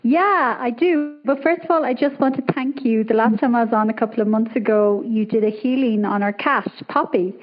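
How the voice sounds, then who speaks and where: A woman with an Irish accent, calling in to a show and chatting casually in an upbeat, chatty way. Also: a little high. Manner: chatty, upbeat, quick to laugh. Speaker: caller. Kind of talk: casual call-in chat. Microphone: remote call audio. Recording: muffled lo-fi call audio.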